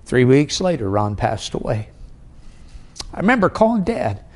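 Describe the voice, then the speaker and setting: Animated storytelling preacher, a man. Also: normal speed. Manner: storytelling preacher, wide swings in pitch and loudness. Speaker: evangelist. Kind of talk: sermon.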